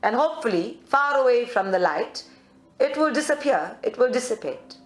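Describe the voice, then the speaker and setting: A woman's voice: on the high side, lively intonation, moderate pace. A woman from South Africa leading a group in a channeled spiritual talk, reflective and at times heated. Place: meditation centre room. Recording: roomy live recording.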